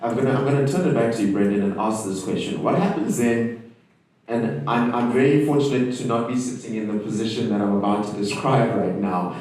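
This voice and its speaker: A man's voice: medium pitch, a little fast, a little mellow, distant mic. A man moderating a panel discussion, asking long, conversational questions. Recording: echoey hall, voice from off the mic.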